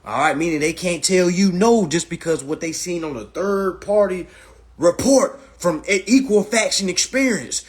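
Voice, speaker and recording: Husky, profane man lecturing on a livestream. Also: high voice, expressive, normal speed. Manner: blunt, profane and lecturing, repeats "all right". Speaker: livestream host. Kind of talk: casual livestream talk. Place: indoors, livestream.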